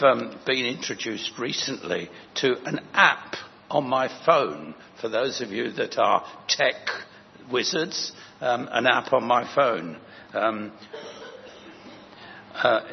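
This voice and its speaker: Older priest, sermon, gravelly voice, dull lo-fi sound, faint hiss. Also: male voice, mid-range voice. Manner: gentle, rambling, anecdotal, frequent restarts. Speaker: parish priest preaching. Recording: echoey hall, dull lo-fi sound, faint noise.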